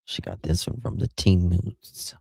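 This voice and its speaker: A low, gravelly, slightly rough voice with a warm tone belongs to an American livestreamer speaking a little slowly, recorded without echo. He's chatting casually through viewer comments, affectionately thanking folks by name and laughing frequently.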